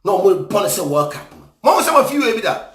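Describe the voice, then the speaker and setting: Scornful, high-pitched Ghanaian man ranting. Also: big pitch swings, fast, reverberant. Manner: scornful, insulting, mixes English and Twi. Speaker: evangelist. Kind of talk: angry ranting commentary.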